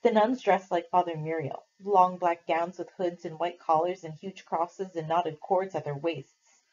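A woman's voice: fairly low pitch, steady tone, unhurried, darkish tone, lo-fi sound. A woman voicing a defiant Puritan captive girl who talks in an insistent, scolding way.

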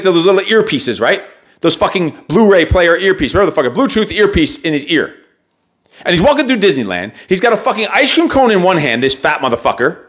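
Profane, blunt man ranting, fairly high voice. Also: fairly bright tone. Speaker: podcast host. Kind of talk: motivational podcast monologue.

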